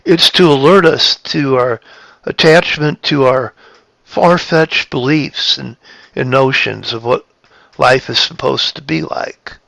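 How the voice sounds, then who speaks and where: A man giving a reflective spiritual talk, halting and repeating his phrases, shifting his tone of voice for emphasis. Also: mid-range voice, creaky, fairly bright tone, no echo. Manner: plays with tone of voice for emphasis. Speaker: spiritual speaker.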